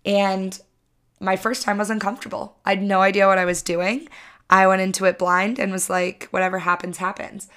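A woman's voice: mid-range voice, level tone, normal speed, a bit bright, smooth. A woman in her twenties hosting her own podcast, talking alone in an upbeat, chatty way and teasing herself now and then. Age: 20s. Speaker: podcast host. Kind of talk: solo podcast monologue.

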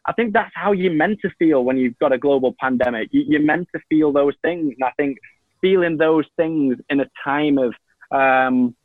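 A man's voice: fairly high pitch, moderate pace, no room sound. A man from England giving long casual answers as an interview guest, full of restarts and fillers, over a video call. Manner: rambling, many restarts and fillers. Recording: tinny phone-like line, dry.

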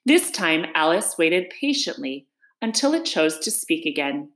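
A woman reading a children's book aloud, expressive and animated, in an echoey room. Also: low-pitched, measured pace. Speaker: storyteller.

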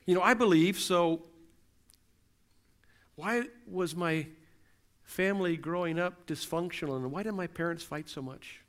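High-voiced man preaching earnestly. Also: measured pace, pauses often, a bit bright. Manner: earnest, repetitive rhetorical questions. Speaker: pastor. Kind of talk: sermon.

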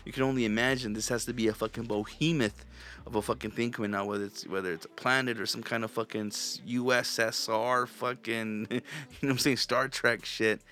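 Man, solo podcast host, bright edgy voice, middle pitch, foul-mouthed rant, rambling. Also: fairly even intonation, brisk. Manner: profane, ranting, rambling; loose and conversational, frequent restarts.

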